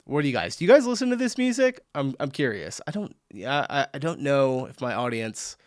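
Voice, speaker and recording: A man's voice: medium pitch, sing-song, brisk, no room sound. Chatty American man with a dry, close sound. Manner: chatty, thinks aloud, laughs between comments. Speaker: reaction video host. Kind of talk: casual reaction commentary.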